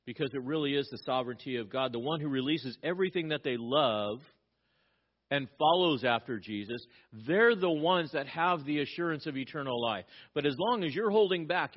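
A middle-aged man preaching a sermon as a pastor, emphatic and repeating his key phrases, with frequent restarts. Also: on the high side. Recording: dull lo-fi recording.

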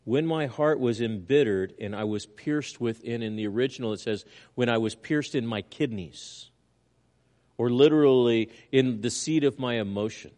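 An older man, a pastor preaching a sermon, earnest, with loud emphatic lines and quiet asides, in a mid-pitched voice. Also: moderate pace.

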